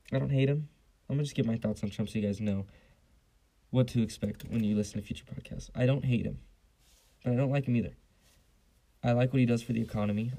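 A man's voice: fairly low pitch, gravelly, mellow, low-quality recording. A young man hosting a casual solo podcast, blunt and profane, rambling with lots of fillers on a basic home mic. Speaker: podcast host.

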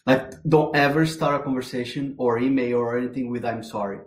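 A man's voice: medium pitch, steady tone, brisk. Male co-host, rambling teasing chat, roomy recording. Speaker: podcast co-host. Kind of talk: casual chat.

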